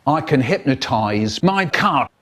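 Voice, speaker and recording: A man telling comic stories in a playful, animated way, breaking into sound effects and squeals. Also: medium pitch, slow. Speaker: storyteller. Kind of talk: comic storytelling, chopped into a remix.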